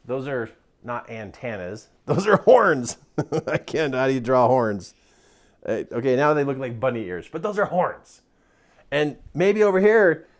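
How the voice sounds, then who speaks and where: A man giving a motivational talk as a self-help mentor, drawing as he speaks, animated and laughing often. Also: fairly high pitch.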